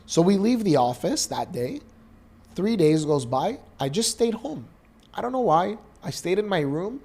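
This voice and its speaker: A Canadian man in his thirties, a podcast co-host, telling an emotional personal story in an earnest, animated way. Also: sits high, measured pace, slightly rough.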